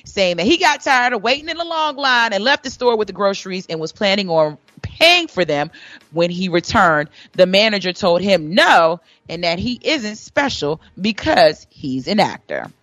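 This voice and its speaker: Lively woman reading radio gossip news. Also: medium pitch, dry recording. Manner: lively, chatty, quick with a laugh. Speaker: radio entertainment news host.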